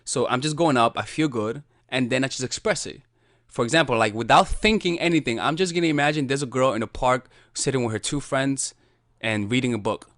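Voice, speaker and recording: A man giving a casual spoken lesson as a dating coach, talking in a loose, animated way with frequent restarts and swearing. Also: medium pitch, brisk, no echo, studio quality.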